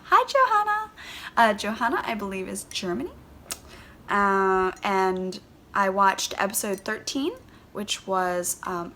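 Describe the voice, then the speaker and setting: Bubbly, gravelly Philly woman. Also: medium pitch, sharp tone, a little hiss or hum. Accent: Philadelphia. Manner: gushing, rambling, with many "um"s. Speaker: knitting podcast host. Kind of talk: casual chatty vlog.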